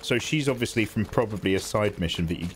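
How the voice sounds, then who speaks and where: A man chatting through live gameplay, excitable and jokey, thanking viewers as he plays. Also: on the low side, fast. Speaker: gaming streamer.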